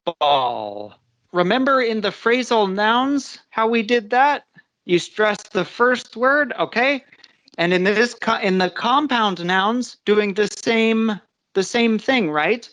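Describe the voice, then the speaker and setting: Slow, patient woman teaching English. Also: on the high side, fairly bright tone. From United States. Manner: patient, explains step by step, checks in with "okay?". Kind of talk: live English pronunciation lesson.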